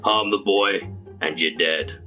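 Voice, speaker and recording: A man doing a glum gruff warrior guide. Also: sits low, takes it slowly, faint music behind, exaggerated voice, poor audio. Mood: furious. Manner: glum and steady.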